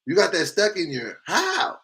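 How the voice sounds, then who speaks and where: A man hosting a casual live stream, reading viewer comments aloud with big reactions, swinging between loud exclamations and quiet asides. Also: medium pitch, animated, moderate pace. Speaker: livestream host reading chat comments.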